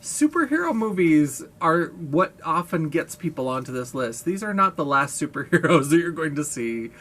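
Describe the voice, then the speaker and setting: A man's voice: a little high, very animated, moderate pace, a bit bright. A man vlogging in a casual monologue, gushing, playful and self-mocking, with a brash, blaring voice.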